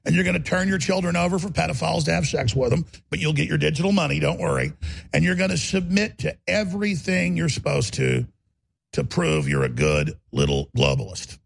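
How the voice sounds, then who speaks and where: A man's voice: on the high side, expressive, brisk, gravelly, husky. A man hosting a talk radio show, delivering an emphatic, bellowing rant. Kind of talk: ranting talk radio monologue.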